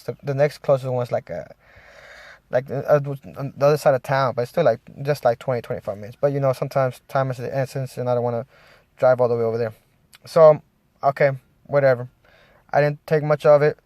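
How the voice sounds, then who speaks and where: Man, casual vlog rant, rambling delivery, slightly high voice, dry sound. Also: dry recording. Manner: rambling, many restarts. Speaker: vlogger.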